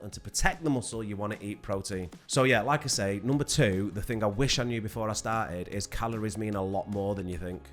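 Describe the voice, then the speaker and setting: A man talking casually to camera about weight loss, swearing and laughing as he goes. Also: lowish voice. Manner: animated, swearing, laughing often.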